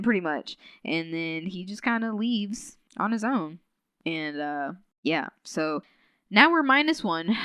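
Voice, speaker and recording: A woman podcast host casually recapping a novel, full of fillers and quick acted-out character lines. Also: lowish voice, a bit bright, clean tone, dry recording. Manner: chatty, many fillers, acts out characters' lines.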